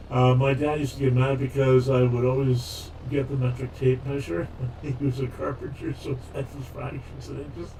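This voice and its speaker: A man's voice: medium pitch, level tone, normal speed, vocal fry, mellow. Rambling man streamer, distant mic. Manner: rambling, talks to viewers as "guys". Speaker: game streamer. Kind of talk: casual stream chat. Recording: distant mic with faint noise.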